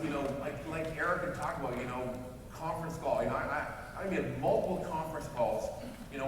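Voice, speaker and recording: A man in his forties giving a lively storytelling speech to a crowd at a company event, acting out both sides of a phone call, often restarting his sentences. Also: a little high, noisy background. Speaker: motivational speaker at a company event. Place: large event hall. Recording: echoey hall from far off.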